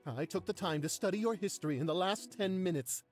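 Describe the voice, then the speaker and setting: A man's voice: high voice, brisk, soft background music, natural voice. An actor playing a nervous, pleading bird-man doctor with a British accent in a video game. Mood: anxious pleading. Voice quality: anxious, pleading.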